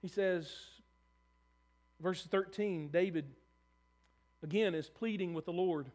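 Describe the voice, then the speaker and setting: A man's voice: high voice, takes it slowly, a little mellow. A man preaching a sermon, earnest and conversational, often repeating and restarting words. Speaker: pastor.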